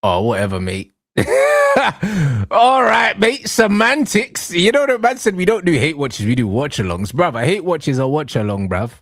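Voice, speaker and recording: A man's voice: on the high side, normal speed, few pauses, no echo, clean studio sound. A man, co-hosting a reaction show, trading mocking, slang-heavy football banter. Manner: mocking, slangy, animated trash talk. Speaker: reaction channel co-host.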